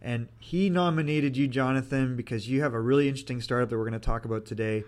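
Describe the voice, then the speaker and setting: A man's voice: mid-range voice, fast, a little mellow. Playful, self-mocking podcast host, male. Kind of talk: casual interview.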